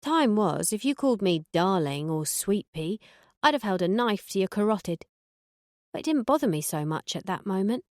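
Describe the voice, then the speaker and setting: A woman reading a first-person audiobook in a dry, sardonic, deadpan way. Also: mid-range voice, normal speed, dry recording. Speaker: audiobook narrator.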